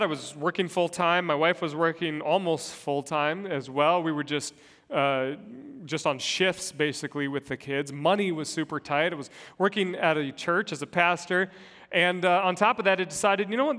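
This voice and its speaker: Earnest male pastor in his 30s preaching a sermon, slightly high voice, long church reverb. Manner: earnest, personal storytelling with shifts between soft and loud.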